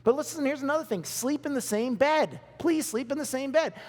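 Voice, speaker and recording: A man's voice: very high voice, fairly quick, a little mellow. A male pastor preaching a sermon to a congregation, emphatic and repeating key phrases, laughing along with the crowd. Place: church hall. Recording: long hall reverb.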